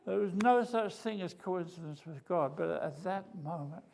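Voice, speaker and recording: A man with an Australian accent preaching a sermon, retelling a story with animated swings between loud and hushed. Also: sits high, normal speed, vocal fry.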